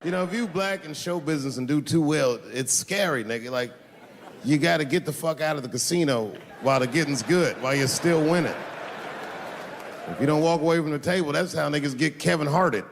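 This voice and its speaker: A male stand-up comedian telling stories on stage in an animated, profane way. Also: a little high, a little fast, vocal fry, over a noisy crowd. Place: live comedy venue. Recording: reverberant hall with noisy ambience.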